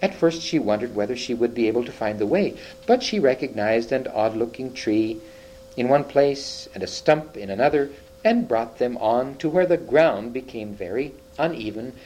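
A man narrating an audiobook in a measured, expressive storytelling manner. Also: medium pitch, slight background noise, low-quality recording.

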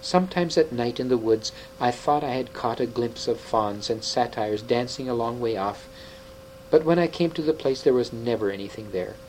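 A man's voice: mid-range voice, lively intonation, normal speed, a little mellow, slight background noise, close to an everyday voice, low-quality recording. A man voicing an old male half-dwarf scholar, wise and sorrowful, speaking in a grave and tender way. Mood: earnest.

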